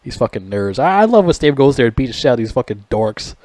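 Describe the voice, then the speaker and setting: A man casually reviewing a movie in a rambling, profane way, getting loud and animated when he is outraged. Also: mid-range voice, quick pace, no echo.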